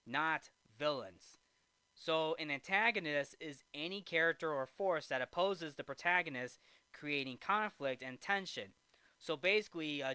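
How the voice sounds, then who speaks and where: A man's voice: fairly high pitch, pushed and bright, clean tone, no echo. A man giving a casual, rambling movie review, often restarting and checking in with "right?".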